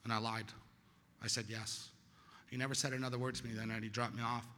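A middle-aged man giving personal testimony at a recovery meeting, telling his story with sudden loud peaks and quiet drops. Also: medium pitch, little pitch movement, very fast, in a large hall.

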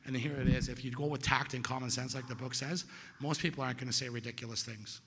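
A man's voice: fairly even intonation, quick pace, slight background noise. A man sharing his story at a recovery meeting in a casual, conversational way, checking in with the audience and acting out the voices of people he quotes. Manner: conversational, storytelling, asks "right?" often; acts out quoted voices, louder and higher. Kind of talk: personal testimony talk. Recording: hall reverb.

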